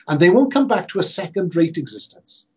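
Husky preacher, earnest sermon. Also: male voice, sits high, sing-song, darkish tone. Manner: earnest, emphatic preaching with slow stressed repetitions. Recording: dull lo-fi sermon recording.

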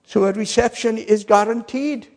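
A man preaching a sermon with emphasis, swinging between loud declarations and quiet asides. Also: high-pitched, normal speed, creaky. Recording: long reverb of a large hall.

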